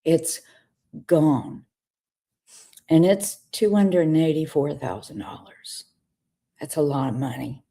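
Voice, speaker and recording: A woman's voice: deep voice, expressive, slow pace, vocal fry, pauses often, mellow, slightly rough. A woman co-hosting a talk show, candidly telling an emotional personal story in conversation. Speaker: co-host.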